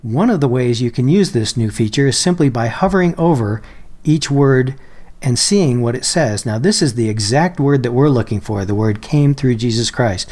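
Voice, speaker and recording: A man calmly walking viewers through a software feature in a screen-recorded tutorial, slowing down on quoted phrases and examples. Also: medium pitch. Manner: patient, explanatory, slows down on quoted phrases. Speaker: Bible software tutorial presenter. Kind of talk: screen-share software walkthrough.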